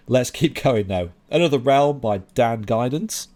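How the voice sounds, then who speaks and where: A man hosting a show reviewing new drum and bass tracks, talking casually and bluntly with lots of fillers. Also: lively intonation, a little slow. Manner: chatty and blunt, with frequent fillers and laughs. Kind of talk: casual commentary. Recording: music playing under the voice.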